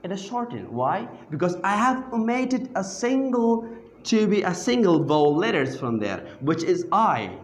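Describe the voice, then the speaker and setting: Teaching grammar in a reverberant, echoey classroom, this man has a high-sitting voice with big pitch swings and an unhurried pace. He peppers his students with questions and echoes key words back at them.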